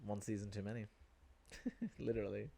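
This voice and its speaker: A man's voice: on the low side, normal speed, gravelly, mellow. A young man co-hosting a podcast, dry and matter-of-fact in casual chat. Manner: dry, matter-of-fact, corrects his co-host. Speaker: podcast co-host.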